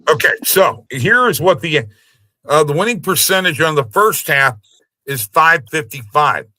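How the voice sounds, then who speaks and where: A man's voice: on the high side, expressive, unhurried, bright, forceful tone, no room sound, low-quality recording. A man co-hosting a casual sports betting show, joking and trash-talking as he reads out stats.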